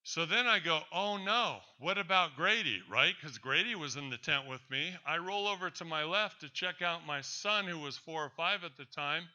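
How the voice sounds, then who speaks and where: A man's voice: fairly high pitch, moderate pace, hardly any pauses, bright, forceful tone, dull audio. A man presenting a talk, telling a personal story in an emphatic, defiant way to an audience. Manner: emphatic and defiant, addresses doubters directly.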